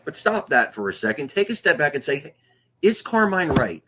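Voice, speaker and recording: A man's voice: on the high side, very animated, brisk, sharp tone, a little hiss or hum. A man delivering a profane, scolding rant on a podcast. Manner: scolding, swears heavily. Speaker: podcast co-host.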